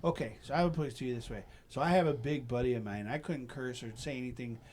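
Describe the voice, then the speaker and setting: A man hosting a relaxed podcast, spinning stories in a loose, profane way. His level jumps around, from low mutters up to sudden loud bursts, and he talks at an everyday middle pitch. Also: fast, a little hiss or hum. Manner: profane, animated storyteller, swings between mumbles and loud bursts. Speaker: podcast host. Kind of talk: casual chat.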